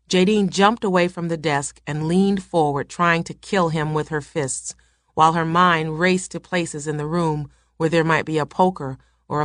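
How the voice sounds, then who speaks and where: A woman reading a novel aloud in a steady, measured narration. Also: sits low, no room sound, clean studio sound. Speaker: reader.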